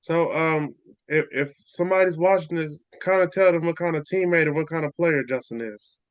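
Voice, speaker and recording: A man's voice: fairly high pitch, normal speed, no room sound, muffled recording. An American man hosting a casual interview, friendly and brief in his replies. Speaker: interview host.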